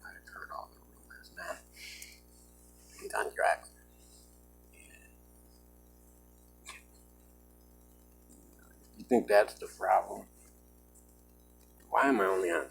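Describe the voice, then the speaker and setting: A man's voice: low-pitched, fairly even intonation, extremely slow, vocal fry, pauses often, husky, faint music behind, poor audio. A man talking to his own camera in an agitated, emphatic vlog monologue, often saying "man". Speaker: vlogger. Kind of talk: self-recorded vlog monologue.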